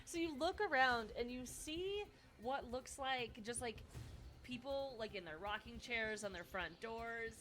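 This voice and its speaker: A woman's voice: fairly high pitch, animated, a little slow, a bit bright. A woman narrating as dungeon master of a tabletop game, chatty and full of fillers. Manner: chatty, laughing, lots of fillers.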